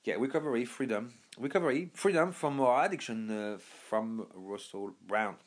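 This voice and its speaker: A man's voice: mid-range voice, normal speed. A young man from Birmingham talking casually as a podcast host, rambling with many fillers and restarts. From Birmingham, England. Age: young adult. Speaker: podcast host recommending books. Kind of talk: casual monologue.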